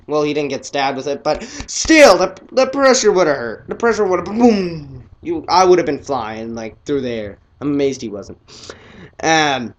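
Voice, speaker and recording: A teenage boy casually reviewing a film, excitable and rambling, his voice often trailing off quietly. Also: a little high, moderate pace.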